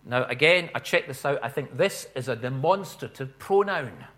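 A man preaching a sermon in an earnest way, swelling and slowing on stressed phrases. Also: mid-range voice, animated, fairly bright tone.

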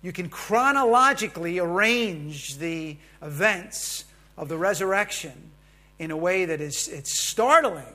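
A man preaching a sermon in a conversational way, asking the congregation questions and growing more emphatic as he goes. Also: on the high side. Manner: grows louder and more emphatic. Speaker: pastor.

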